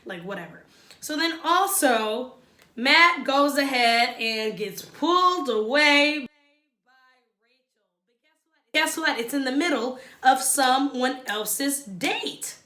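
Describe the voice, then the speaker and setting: Woman vlogger, high and bright, sassy, talks right at viewers. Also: lively intonation, slow pace, echoey room. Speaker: reality show recap vlogger. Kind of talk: casual opinionated recap.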